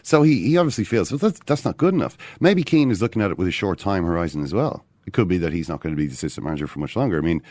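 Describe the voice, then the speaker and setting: Irish guy chatting football on a podcast, really low voice, dry studio sound. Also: rapid-fire, hardly any pauses, no echo. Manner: animated, quotes others in put-on voices. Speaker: podcast co-host. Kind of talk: casual sports chat.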